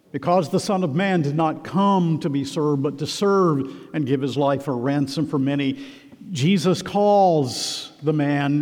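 A man's voice: a little high, a little mellow, long reverb tail. A man preaching a sermon as pastor, emphatic and repeating key phrases, in a church.

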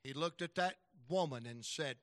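Man, evangelist sermon, bright forceful tone, dry close sound, folksy storytelling. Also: on the high side, normal speed, dry recording. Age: middle-aged. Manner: folksy storytelling, acts out voices, swings loud and soft. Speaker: evangelist preacher.

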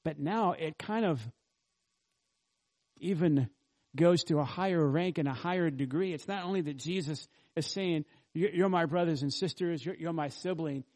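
A man's voice: a little high, moderate pace, darkish tone. A man pastor preaching an expository sermon, earnestly teaching and asking the congregation rhetorical questions.

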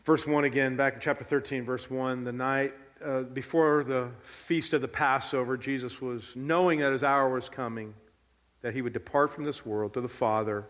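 A man's voice: mid-range voice, steady tone, normal speed, a bit bright, long reverb tail. A man preaching a sermon as pastor, earnest and emphatic, repeating key phrases.

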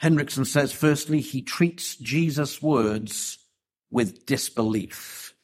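A man preaching an expository sermon, emphatic and deliberate, with rhetorical questions. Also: medium pitch.

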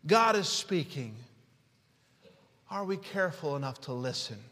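A man preaching a sermon, telling stories and swinging from hushed words to shouting. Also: fairly high pitch, animated, measured pace. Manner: storytelling with illustrations. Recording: long hall reverb.

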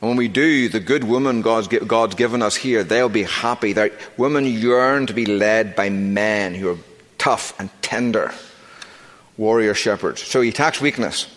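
Middle-aged man, pastor, preaching from the pulpit, emphatic and deliberate, reverberant sanctuary. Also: lowish voice, a bit bright. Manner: emphatic preaching, slowing and stressing key words. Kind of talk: sermon. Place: church sanctuary. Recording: long reverb of a church sanctuary.

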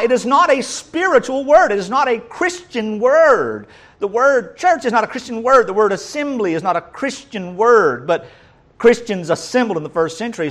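A man's voice: high-pitched, a bit bright. A man preaching a sermon with emphatic delivery, repeating rhetorical questions to drive points home.

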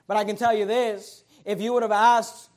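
High-voiced male preacher. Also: little pitch movement, normal speed, a little mellow. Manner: emphatic, reads scripture aloud with stress. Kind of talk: sermon.

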